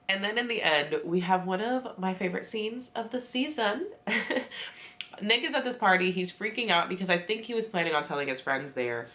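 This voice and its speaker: A woman's voice: on the low side, animated, fairly bright tone. Giggly chatty young woman recapping a show. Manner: chatty, giggly, acts out characters' lines in quick voices. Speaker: TV recap vlogger. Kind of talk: casual recap chat.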